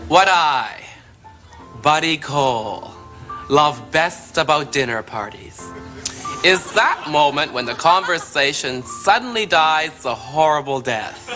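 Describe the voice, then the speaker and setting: An actor playing a flamboyant, vain man with a slow, arch, campy delivery. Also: fairly high pitch.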